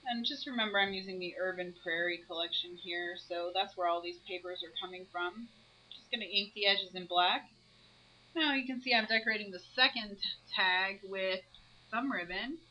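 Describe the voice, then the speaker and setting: Bright-voiced woman narrating a craft video. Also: mid-range voice, moderate pace, a little hiss or hum, low-quality recording. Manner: explains each step as she works. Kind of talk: step-by-step craft voice-over.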